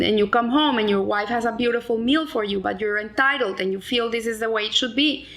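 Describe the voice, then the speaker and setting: A woman's voice: fairly high pitch, a bit bright. Earnest woman teaching a Torah lesson. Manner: earnest, with frequent restarts and Hebrew terms. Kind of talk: explaining a weekly Torah lesson.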